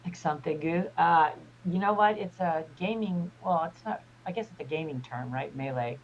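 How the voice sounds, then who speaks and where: A man's voice: on the high side, moderate pace. Rambling American male guest, casual chat, muffled line with faint noise. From United States. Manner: rambling, filler-heavy. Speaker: guest on a discussion stream.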